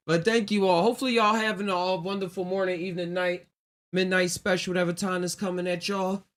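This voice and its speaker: High-voiced man hosting a rambling podcast. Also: little pitch movement, brisk, fairly bright tone. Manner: loose, rambling and reflective, laughs often. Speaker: podcast host. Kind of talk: casual solo livestream podcast talk.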